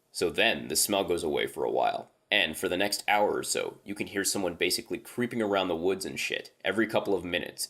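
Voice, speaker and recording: Male horror story reader, low register, casual and profane first-person delivery. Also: bright, forceful tone.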